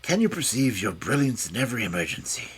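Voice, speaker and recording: A man's voice: medium pitch, sing-song, quick pace, fairly bright tone, husky, pitched below the performer's own voice, full character voice. A man voicing a frail old male scholar who speaks with a mincing, precise manner. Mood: fussy.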